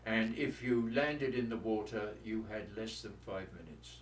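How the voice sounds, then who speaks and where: A man's voice: lowish voice, unhurried. A man in his eighties with a London accent, a war veteran telling blunt, salty stories in an oral history interview. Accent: London English. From London, England. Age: 80s. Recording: echoey room, distant mic, faint noise.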